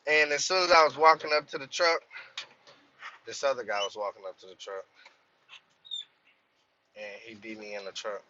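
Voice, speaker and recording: A man's voice: mid-range voice, flat delivery, moderate pace, long pauses, muffled recording, background noise. A man vlogging from inside his truck cab, telling a rambling, profane story in casual talk and saying "man" a lot.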